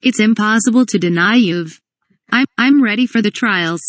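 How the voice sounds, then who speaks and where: A woman's voice: medium pitch, normal speed, dry recording. A woman reading a comedic parody script aloud. She reads stage directions and dialogue and spells some words out letter by letter.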